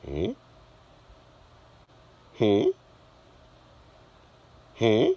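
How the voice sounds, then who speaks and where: A man delivering a spoken-word preaching monologue, slow and deliberate with repeated emphasis. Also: deep voice, dry recording.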